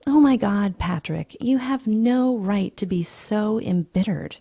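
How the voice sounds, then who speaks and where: A woman voicing a sharp, petulant young socialite with a breathy, sing-song delivery in an audiobook reading. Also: medium pitch, expressive, unhurried, voice pushed up, exaggerated voice. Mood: snippy. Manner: snippy and dismissive.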